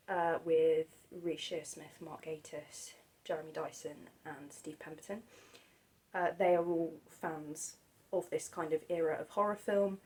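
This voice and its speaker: A woman talking casually about old horror films, soft-spoken and hesitant, with many pauses and restarts. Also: low voice, rough recording. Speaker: film vlogger.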